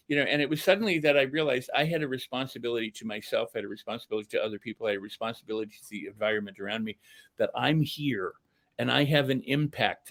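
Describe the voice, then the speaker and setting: A man's voice: mid-range voice, fairly bright tone. An older man, a self-help speaker, earnestly telling a personal story as a podcast guest, repeating phrases for emphasis. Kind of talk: candid storytelling.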